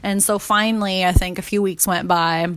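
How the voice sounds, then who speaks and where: A woman's voice: medium pitch, steady tone, moderate pace, a bit bright, clear, resonant tone. A young adult woman telling a personal story casually and candidly, swearing freely and acting out her own inner voice. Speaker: podcast host and coach.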